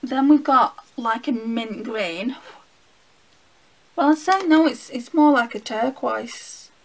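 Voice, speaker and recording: A woman with a Northern English accent reviews makeup in a relaxed, unhurried way, speaking slowly with a gravelly fry in her slightly high voice. She talks half to herself as she goes, chatty and easy. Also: rough recording. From England. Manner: chatty, talking to herself while swatching. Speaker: beauty vlogger. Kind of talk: casual makeup swatch review.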